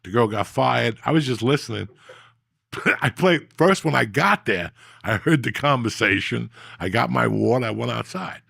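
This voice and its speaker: Male podcast host, gravelly and rough, dry close sound, profane and animated storyteller. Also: mid-range voice, moderate pace, no room sound. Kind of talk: casual storytelling.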